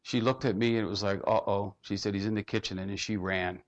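A man preaching a sermon, telling a personal story in a heartfelt way and going soft and quiet when he quotes others. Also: fairly low pitch, fairly even intonation, fast, muffled recording. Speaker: pastor.

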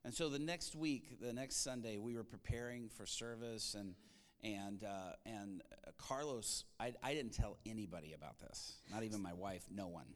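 A man's voice: lowish voice, normal speed, in a large hall. A man, a pastor, telling a story in a sermon and acting out the people in it. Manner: animated storyteller acting out quotes. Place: large church hall.

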